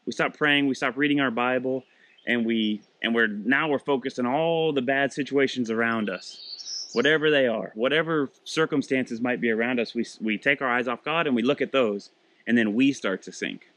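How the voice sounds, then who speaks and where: A man, a father, giving a relaxed, conversational devotional talk with frequent restarts and fillers. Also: mid-range voice, normal speed, no echo. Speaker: devotional host.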